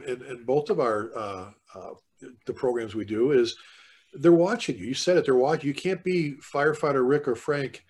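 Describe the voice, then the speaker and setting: A man from the fire service talking casually on a podcast, telling stories with animated energy. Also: mid-range voice, husky. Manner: animated storyteller, excited when retelling.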